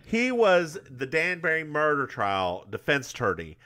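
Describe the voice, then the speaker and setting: This podcast co-host has a fairly high voice and talks a little slowly. In the casual chat he spins animated stories, performing other people's words as he goes.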